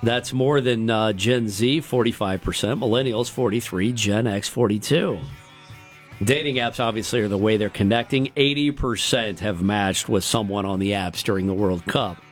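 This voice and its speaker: A man's voice: on the low side, normal speed, soft background music. A middle-aged man with a Midwestern American accent, co-hosting a radio show and reading out poll numbers in jokey casual banter. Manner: chatty, jokey, reads poll numbers aloud.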